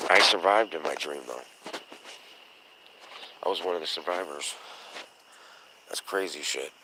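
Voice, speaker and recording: Low-voiced, profane male livestream host. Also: measured pace, noisy background. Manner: blunt, profane storytelling; acts out quoted voices. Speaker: podcast host. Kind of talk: casual livestream chat.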